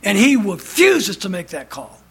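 A man preaching a fiery sermon, emphatic and loud, sometimes dropping to a low intense tone. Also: wildly swooping pitch, measured pace, slightly rough. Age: has adult son.

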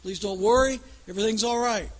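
A man's voice: sits high, a little fast, a little hiss or hum, pitched above the performer's own voice, lightly acted. A man doing a soothing airline captain. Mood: reassuring. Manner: repeated soothing announcements. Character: calm airline captain reassuring passengers.

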